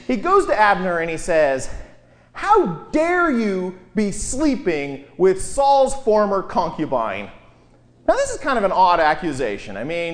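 Animated man telling a Bible story. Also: high-pitched. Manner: lively, wry storytelling with quoted voices. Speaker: lecturer. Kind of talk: informal Bible lecture.

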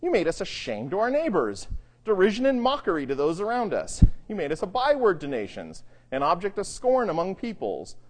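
A Bible teacher lecturing on the Psalms, reading verses slowly and then explaining them in a dramatic, conversational way, dropping to hushed low phrases for emphasis. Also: wildly swooping pitch, in a large hall. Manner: reads scripture slowly, then comments conversationally.

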